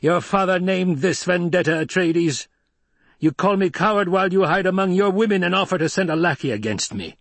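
Male reader doing a shouting young villain, high, raging, husky. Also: lively intonation, fairly quick, no echo, full character voice. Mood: furious taunt. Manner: shouting, taunting. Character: brash young male villain, furious duelist.

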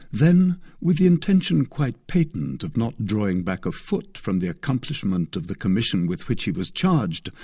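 A man narrating a classic novel as an audiobook, with an expressive, measured reading. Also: fairly low pitch, breathy edge, no echo, clean studio sound.

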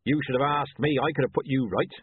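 A man voicing a thick-set, boastful male butcher who talks bluntly and loudly in an audiobook. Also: mid-range voice, fast, husky, no echo, phone-quality sound, pitched above the performer's own voice. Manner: blunt, loud and chatty.

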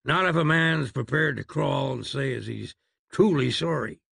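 A man's voice: mid-range voice, normal speed, gravelly, a bit bright, breathy edge, dry recording, clean studio sound, full character voice. A man voicing a rude, menacing cowboy outlaw in a storybook reading. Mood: surly. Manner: rude, drawling, threatening.

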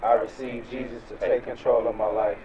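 An actor playing an agitated young man worn out from street life, frantic and cursing with his voice cracking high. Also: level tone, a little fast, highs cut off, a crowd in the background, natural voice. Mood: repentant. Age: young adult. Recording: street noise behind.

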